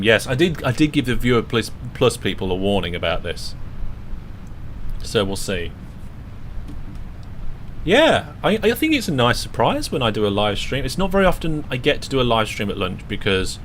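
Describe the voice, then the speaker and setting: A man's voice: lowish voice, fairly bright tone, slight background noise. A British man casually commentating his own game on a live stream, chatty and talking through each step as he plays.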